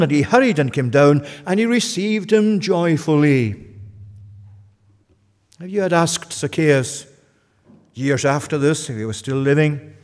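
A man's voice: on the high side, a little mellow, in a large hall. A male pastor preaching a sermon with earnest, urgent, pleading appeals to his listeners.

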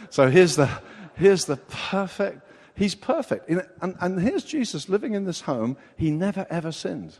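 A man's voice: sits high, very animated, moderate pace, darkish tone. A man preaching a sermon as pastor, explaining a Bible passage with rhetorical questions and an expository manner. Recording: long hall reverb.

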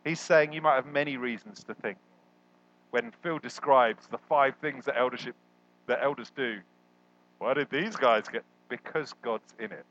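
A man preaching a sermon as a guest, animated and jokey, jumping up in pitch when he quotes people. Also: moderate pace, dull audio. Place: church hall.

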